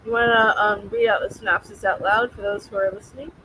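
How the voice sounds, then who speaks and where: A woman's voice: mid-range voice, fairly even intonation, fast talker, bright, forceful tone, poor audio. A woman co-hosting a book club show, chatting casually in a giggly, encouraging way.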